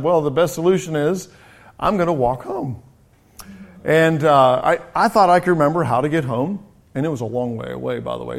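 A middle-aged man who runs a coaching business, sharing personal stories in a conversational, lively way with frequent restarts. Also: fairly high pitch, vocal fry. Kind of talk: personal storytelling talk.

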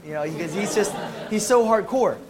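American man, former Marine, slightly high voice, emphatic testimony storyteller. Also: moderate pace, crowd noise, noisy background. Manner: animated, emphatic storytelling with casual slang. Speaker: former Marine medic telling his story. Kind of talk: personal testimony to an audience.

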